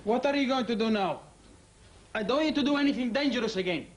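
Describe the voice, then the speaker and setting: A man's voice: very high voice, animated, quick pace. An actor playing a worried man urging someone hurt to take it easy. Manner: concerned, cautioning. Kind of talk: TV drama dialogue.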